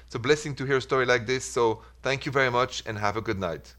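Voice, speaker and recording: A man's voice: medium pitch, quick pace, fairly bright tone. A man hosting a radio advice show, talking in an earnest, reflective way with simple repeated phrases. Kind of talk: casual radio talk.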